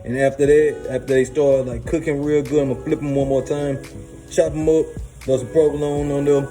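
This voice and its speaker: A man's voice: on the high side, flat delivery, fairly quick, mellow, poor audio. A man hosting a casual cooking demo, hyped and slangy, talking straight to his viewers from a kitchen. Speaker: cooking show host. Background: music playing.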